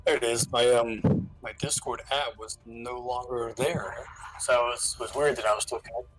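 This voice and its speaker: A man's voice: mid-range voice, steady tone, moderate pace, fairly bright tone, breathy edge, faint music behind, low-quality recording. A man playing a tabletop game who talks in an offhand, slightly unsure way. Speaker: player. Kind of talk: casual tabletop game play.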